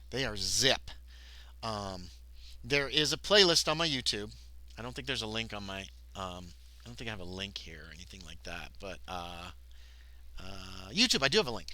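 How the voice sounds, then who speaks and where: A man's voice: mid-range voice, no echo. A man livestreaming a solo tabletop horror game, rambling and interrupting himself as he chats with viewers and reacts to the game. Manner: rambling, self-interrupting, excitable chatter with the chat.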